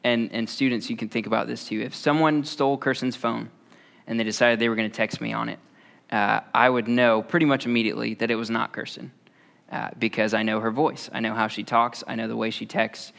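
Gravelly-voiced man preaching. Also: mid-range voice. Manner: relaxed, often pauses on "uh". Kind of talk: conversational sermon.

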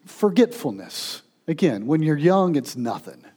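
A man, a pastor, telling stories in a sermon, turning from playful to hushed and tender. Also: mid-range voice, normal speed.

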